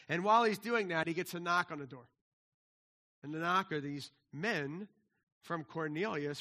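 A male pastor delivering a sermon in a high, bright voice. He is animated, voicing the people in the passage himself and restarting his sentences often. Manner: animated, acts out biblical dialogue, frequent restarts.

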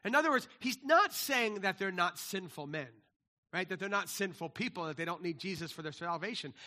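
A man preaching a sermon, animated, acting out scripture dialogue and restarting his sentences often. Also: high voice, fairly quick. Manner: animated, acts out biblical dialogue, frequent restarts. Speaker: pastor.

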